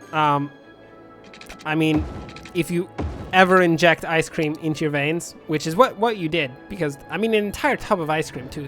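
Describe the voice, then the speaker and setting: A man giving rambling, jokey commentary over a city-building game, with sudden shouted outbursts. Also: a little high. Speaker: let's play host.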